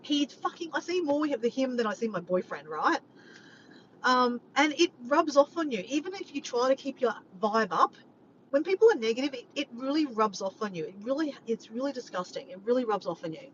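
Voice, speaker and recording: This woman is live streaming, rambling through a casual chat with her viewers at a brisk clip and a fairly high pitch. She's animated, drops frequent swear words, and keeps turning to "guys." The sound is a bit muffled, with faint background noise.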